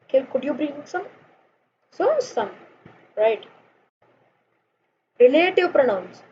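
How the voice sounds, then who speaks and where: Young woman, high mellow voice, patient grammar teacher, lo-fi home recording. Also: sing-song. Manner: explains slowly with examples, fillers and "guys". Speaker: online English teacher. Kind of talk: informal grammar lesson. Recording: dull lo-fi sound with faint noise.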